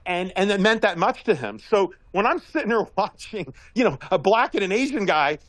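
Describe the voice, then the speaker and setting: A man with a high, lively voice that swings widely as he talks. He rambles through a casual commentary and tells stories in an animated way, laughing often. The sound is dry and close. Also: moderate pace, no room sound, rough recording. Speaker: regular guest commentator.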